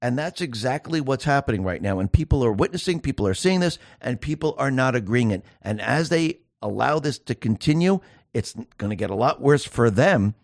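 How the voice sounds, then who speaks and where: A man's voice: mid-range voice, animated, brisk, no room sound, clean studio sound. A man hosting a solo political commentary show, speaking emphatically and firing off sarcastic rhetorical questions.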